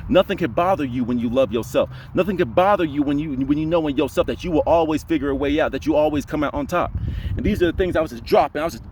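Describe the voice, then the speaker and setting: Brief: quick-talking young male vlogger, rambling storyteller, slightly high voice. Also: darkish tone, a little hiss or hum. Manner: rambling, heavy on fillers like "you know". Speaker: spiritual vlogger. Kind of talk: casual storytelling vlog.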